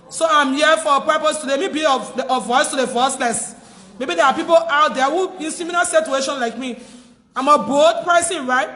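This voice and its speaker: On a phone livestream, a crying, distressed Liberian woman keeps insisting in a pleading tone. Her high voice sounds pushed and bright, with a long reverb tail behind it.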